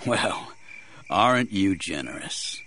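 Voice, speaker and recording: A man's voice: mid-range voice, sing-song, moderate pace, a bit bright, slight background noise. A man doing a dry, bitter armed leader. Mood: wary. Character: wary, bitter male leader of armed men.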